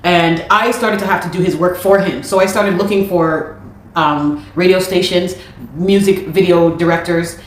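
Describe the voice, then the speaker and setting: A woman from Canada, a musician, giving an animated and exasperated account of a dispute, with many restarts. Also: lowish voice, moderate pace, a little hiss or hum. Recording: very echoey room.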